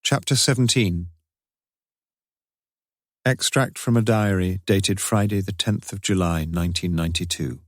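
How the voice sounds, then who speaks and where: Low-voiced male mystery narrator. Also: dry recording, studio quality. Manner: measured, even storytelling. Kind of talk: audiobook narration.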